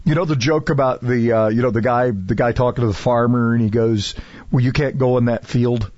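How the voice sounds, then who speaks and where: A man's voice: medium pitch, steady tone, fairly quick, a little mellow, no room sound, dull audio. A man hosting a talk radio show, chatting casually and rambling with many fillers and restarts.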